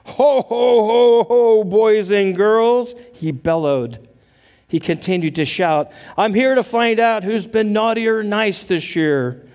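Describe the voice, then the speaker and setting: A man playing Santa Claus, a large bearded man who bellows his words slowly and drawn out. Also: high-pitched, expressive. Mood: bellowing.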